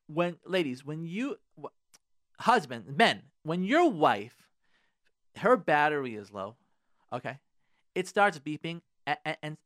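A man's voice: fairly high pitch, a bit bright, no echo, clean studio sound. A man, a rabbi, giving earnest, direct marriage advice on a radio talk show and repeating phrases for emphasis.

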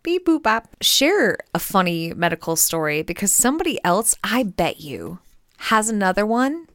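A woman's voice: medium pitch, very animated, moderate pace, a bit bright, no echo, studio quality. A woman co-hosting a podcast in casual, joking chat with her best friend. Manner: playful, jokey, breaks into laughter. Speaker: podcast co-host.

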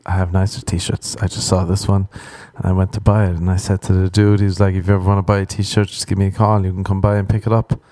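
A man's voice: low-pitched, little pitch movement, fast talker, few pauses, warm tone, no room sound, clean studio sound. A young man hosting a solo podcast, telling rambling stories full of swearing and acting out other people's lines. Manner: swearing, storytelling, acts out other voices. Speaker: podcast host. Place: Los Angeles.

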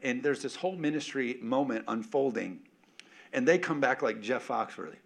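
A man preaching a sermon as pastor, emphatic and animated, calling out to the congregation with casual, joking asides. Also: medium pitch, moderate pace, gravelly.

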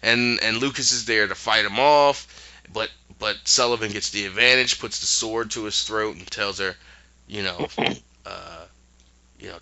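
A man's voice: fairly low pitch, a little slow, pushed and bright, highs cut off. A man co-hosting a podcast, casually retelling a show's plot with acted-out quotes. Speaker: podcast co-host recapping a show. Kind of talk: casual chat.

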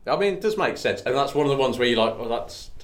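A man co-hosting a casual podcast, talking in a loose, sweary, joking way at a mid pitch. His voice rings out in a roomy, echoey space. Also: animated, rapid-fire. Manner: loose, sweary, jokey banter. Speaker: podcast co-host. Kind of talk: casual chat. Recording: roomy echo.

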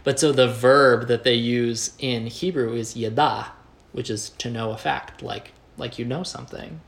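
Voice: medium pitch, fairly even intonation, moderate pace, vocal fry. A podcast co-host casually explaining stories, loose and chatty with frequent fillers. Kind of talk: casual chat.

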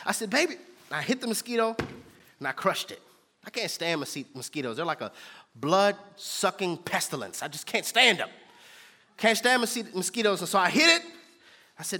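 A man preaching a sermon. He moves between hushed, whispered lows and loud, almost sung peaks. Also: very animated, normal speed. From Houston, Texas. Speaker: pastor. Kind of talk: sermon with prayer.

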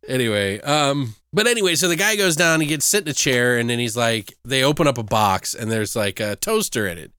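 Casual male co-host, lively pitch, clean dry voice, swears, acts out scenes. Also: moderate pace, clean tone, no echo. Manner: animated, swears often, acts out movie lines in voices. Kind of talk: casual movie chat.

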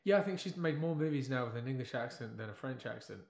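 A man chatting casually as a podcast guest, animated and wry, building his points with emphasis. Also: medium pitch, quick pace, gravelly, a little hiss or hum. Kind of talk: casual chat. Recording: echoey room.

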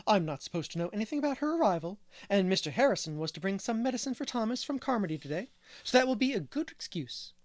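A man voicing a bossy, nosy older woman who gossips loudly and indignantly, in a dry audiobook reading. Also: high-pitched, big pitch swings, fast, dry recording, voice pushed up. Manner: loud and indignant.

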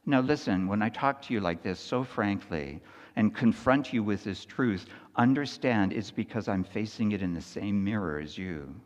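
A man preaching a sermon in a conversational style, often checking in with "right?" and moving between hushed, soft lines and loud, lively storytelling. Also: fairly low pitch, normal speed, long reverb tail. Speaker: pastor.

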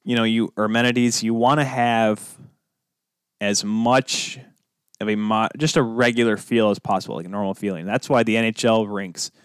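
A man's voice: fairly low pitch, fairly even intonation, moderate pace, smooth, no echo, studio quality. Rambling man hosting a sports podcast. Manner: rambling, self-deprecating, goes off on tangents. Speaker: podcast host. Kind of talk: solo podcast monologue.

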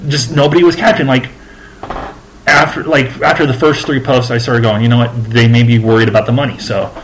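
A man's voice: mid-range voice, fairly even intonation, a little fast, a little hiss or hum, low-quality recording. A man co-hosting a podcast in casual chat, slightly intoxicated and rambling. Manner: rambling, laid-back, slightly tipsy. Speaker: podcast co-host.

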